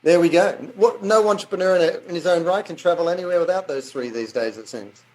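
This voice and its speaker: A man's voice: high voice, fast, a little mellow, low-quality recording. A man with an Australian accent, a podcast guest explaining his work in an upbeat, chatty way. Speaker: guest, business author. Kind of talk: casual interview chat.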